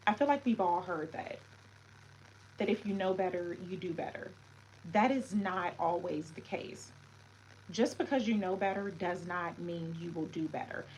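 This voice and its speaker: A woman's voice: on the low side, normal speed, a little mellow, slight background noise, low-quality recording. A woman hosting a casual livestream, talking reflectively to her viewers and greeting them with French words. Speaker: livestream host.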